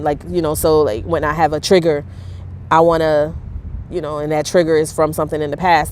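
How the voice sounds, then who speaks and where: A woman talking candidly to camera in a personal vlog, halting, with many fillers and restarts. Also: deep voice, a little mellow, a little hiss or hum. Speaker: vlogger.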